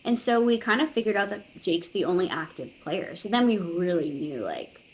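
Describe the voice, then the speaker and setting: A young adult woman, a podcast guest, telling a personal story in casual conversation, full of "like"s and lively quoted voices. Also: lowish voice, moderate pace. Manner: chatty, filler-heavy retelling with many "like"s, quoting others in lively voices.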